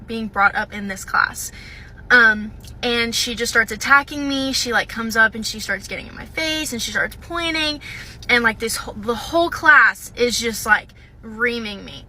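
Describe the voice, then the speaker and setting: A young university student speaks straight to the camera, recounting her day in a casual, halting way, stopping often for "um" and "like". Her voice sits a little high and rings very bright and sharp, with a faint hiss of noise behind it. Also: low-quality recording. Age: young adult. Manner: hesitant, with frequent "um" and "like".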